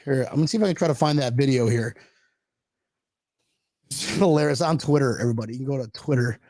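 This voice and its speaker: A man co-hosting a casual chat show, talking in an animated way, laughing often and restarting his sentences. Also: medium pitch, fast talker, dry recording, clean studio sound. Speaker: co-host.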